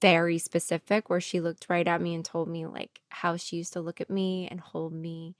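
A woman hosts a podcast, telling a spooky story in loose, casual chat. She acts out the lines of the people in her story, with plenty of "um" and "like" along the way. Her voice sits a little low and sounds dry and close. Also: normal speed, no echo. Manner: animated storyteller, acts out quotes; many fillers, 'like' and 'um'. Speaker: podcast host.

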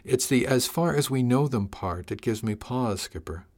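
A man's voice: mid-range voice, animated, moderate pace, lightly acted. A man voicing a blunt but caring female ship's chief engineer, speaking frankly and practically in an audiobook. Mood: earnest. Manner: frank, practical, gently worried. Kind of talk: audiobook character voice.

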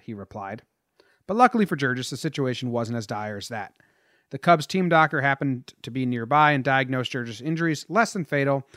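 A man's voice: mid-range voice, expressive, a little fast, a bit bright, dry recording, clean studio sound. A man co-hosting a casual podcast, reading out a prepared history story and chatting with his co-host. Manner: reads a prepared story, then chats and laughs with his co-host.

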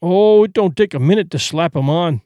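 A man's voice: sits high, moderate pace, mellow, no echo, lightly acted. A man voicing a brash young male vaudeville tramp comic who talks in boastful, breezy slang.

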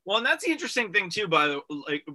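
Bright, upbeat Canadian radio host. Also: male voice, high voice, big pitch swings, fast talker. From rural Canada. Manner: upbeat, chatty, joking. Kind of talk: radio talk show chat.

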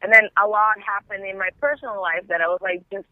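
A man with a notably high voice, calling in and telling his story in loose, meandering phrases studded with "like". His voice arrives through a thin, phone-like line, dry and close with no room around it. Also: steady tone, quick pace, no room sound. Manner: rambling, heavy use of "like". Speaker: caller. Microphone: telephone.

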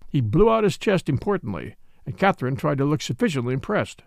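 Guy reading a mystery audiobook, kinda high voice, dry close mic. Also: brisk, vocal fry, hardly any pauses, dry recording. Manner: expressive storytelling. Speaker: narrator. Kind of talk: audiobook narration.

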